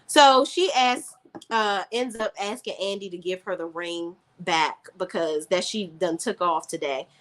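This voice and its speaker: A woman with a lowish, fairly bright voice hosts a casual live stream recapping a TV drama. She is chatty and sassy with her viewers and reads their chat aloud.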